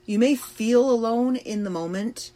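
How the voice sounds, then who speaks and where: A woman hosting a podcast, talking slowly and thoughtfully about personal struggles with pauses and fillers. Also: a little high, dark tone. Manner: slow, reflective and emotional, with pauses and fillers. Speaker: podcast host. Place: trailer in a backyard.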